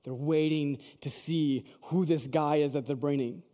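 A man's voice: a little high, steady tone, measured pace, dark tone. A man preaching a sermon, telling a story in a conversational way and asking the audience questions. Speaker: pastor. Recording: long hall reverb.

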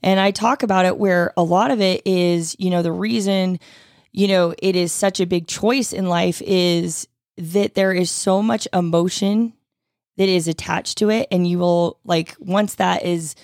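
Low-pitched woman, earnest parenting chat. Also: steady tone, a little slow, a little mellow, dry recording, studio quality. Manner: earnest, reflective advice with wry interjections. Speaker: parenting podcast co-host. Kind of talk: casual chat.

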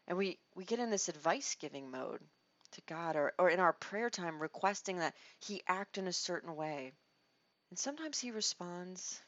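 A woman leads a conversational Bible study, speaking expressively and restarting her phrases as she works through each thought. Her voice sits somewhat low. The recording is dull, lo-fi and dry, with no room sound. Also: no echo. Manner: expressive, acts out quoted lines, restarts phrases. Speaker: Bible teacher.

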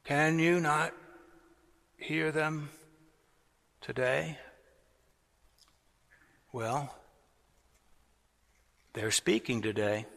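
Slow-preaching man in a cathedral. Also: on the high side, steady tone, creaky, fairly bright tone. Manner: slow, deliberate preaching with swelling emphasis. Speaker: pastor. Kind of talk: sermon. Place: large cathedral. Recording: long cathedral reverb.

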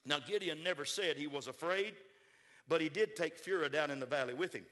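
A man preaching a sermon as pastor, building to shouted call-and-response and leading the congregation to repeat after him. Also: a little high, brisk, in a large hall.

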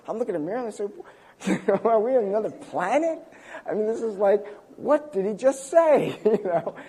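Older male preacher, conversational sermon with lively pitch swings, folksy asides. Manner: conversational, self-deprecating storytelling with chuckles. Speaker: pastor. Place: church.

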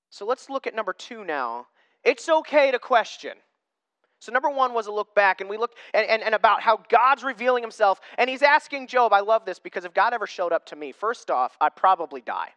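A woman teaching from Scripture in a bright, forceful voice that stays clean and crisp. She is earnest, drops in joking asides and corrects herself as she goes. The sound is dry and close, with no room ring. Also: fairly high pitch, dry recording. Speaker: Bible teacher. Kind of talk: Bible study teaching.

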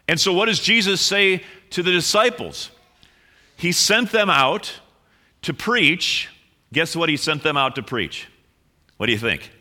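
Bright-voiced pastor teasing his congregation. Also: on the high side. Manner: conversational, playfully teasing, repeats words. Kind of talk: sermon.

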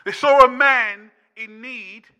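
A man preaching a sermon as pastor, impassioned and building to shouts with repeated refrains. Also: very high-pitched, slow pace. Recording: long reverb of a church hall.

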